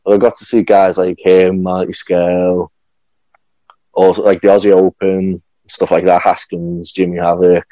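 A man's voice: deep voice, level tone, moderate pace, mellow, no echo, lo-fi sound. A young man chatting casually as a podcast guest, rambling with lots of fillers and restarts. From England. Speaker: guest, professional wrestler.

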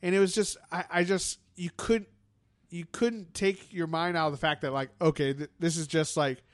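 A man talking in a loose, opinionated chat, circling back over his points with lots of fillers and restarts. His voice sits fairly high for a man and sounds smooth and resonant. The recording is dry and close. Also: fairly even intonation, normal speed, no room sound. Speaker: podcast co-host. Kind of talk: casual chat.

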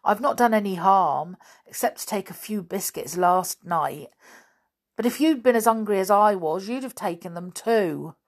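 A woman's voice: medium pitch, lively intonation, normal speed. A woman voicing a thin, frightened, sulky runaway boy who pleads and defends himself. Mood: sullen.

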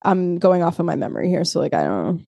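Chatty, swearing woman with a mellow voice. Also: lowish voice, very animated, quick pace, gravelly, no echo, clean studio sound. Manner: chatty, swears freely, laughs often. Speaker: podcast co-host. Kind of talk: casual chat.

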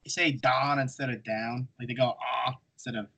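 A man's voice: mid-range voice, steady tone, fast, sharp tone, breathy edge, low-quality recording. A man hosting a casual podcast chat, joking around and leaning on lots of "like" fillers. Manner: filler-heavy, hesitant, joking. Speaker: podcast host.

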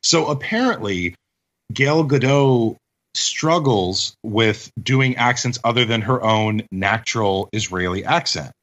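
A man's voice: medium pitch, slow, fairly bright tone, lo-fi sound. A man co-hosting a podcast, chatting casually and eagerly about a film. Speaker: podcast co-host. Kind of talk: casual movie discussion.

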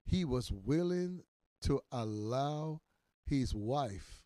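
A man in his sixties, a minister teaching in a podcast sermon, emphatic and repetitive, his voice swelling loud on key words. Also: mid-range voice, expressive, drawn-out words, dry recording. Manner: repeats phrases for emphasis.

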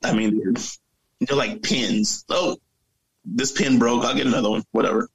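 A man as a podcast guest, talking about a movie in a casual, measured way with pauses. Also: mid-range voice, fairly even intonation, breathy edge, poor audio.

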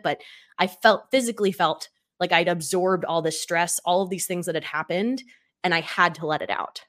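A woman's voice: fairly low pitch, a little fast, a bit bright. A woman co-hosting a podcast, telling a personal work story in a candid, reflective casual chat. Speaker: podcast co-host.

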